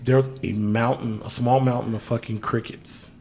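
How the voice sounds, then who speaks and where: Gravelly man telling a wild story. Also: medium pitch, normal speed, a little hiss or hum. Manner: profane, animated storyteller, says "yo" constantly. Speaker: podcast host. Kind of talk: casual storytelling chat.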